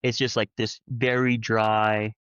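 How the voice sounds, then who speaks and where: A man sharing his experiences in casual conversational storytelling, rambling and animated with lots of fillers. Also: on the low side, slow, clear, resonant tone, no echo, dull audio. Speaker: panel guest, former church member.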